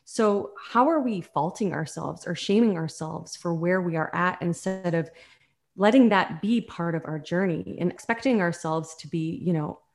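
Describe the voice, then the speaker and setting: Woman, coach, fairly low voice, earnest, reflective, podcast conversation. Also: moderate pace.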